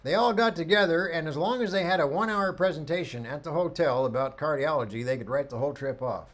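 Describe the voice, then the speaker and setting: A middle-aged man teaching a photography workshop, telling lively anecdotes and acting out the people in them. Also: on the high side, fast. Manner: animated storyteller, acts out quoted voices.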